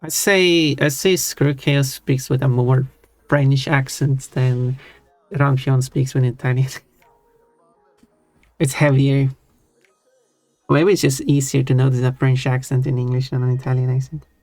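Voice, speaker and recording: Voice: mid-range voice, level tone, unhurried, long pauses, a little mellow, no echo. A streamer with a Swedish accent chatting casually on a live stream, thinking aloud and answering chat. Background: faint background music.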